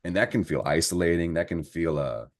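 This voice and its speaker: A man's voice: low voice, fairly quick. A man giving a casual astrology and tarot reading to camera, talking in a slangy, profane, encouraging way. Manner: slangy, profane, animated pep talk.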